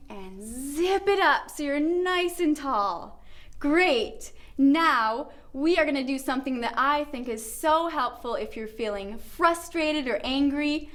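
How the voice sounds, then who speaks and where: A young woman guides little kids through a yoga lesson with a bright, high voice. She speaks slowly and gently, with a sing-song, encouraging manner meant for toddlers. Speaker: kids' yoga teacher.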